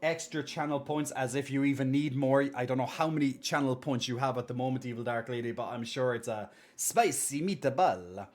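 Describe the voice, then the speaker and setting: A man's voice: medium pitch, normal speed, hardly any pauses, darkish tone. A man live-streaming, chatting casually and reassuring viewers as he reads their messages and thanks subscribers.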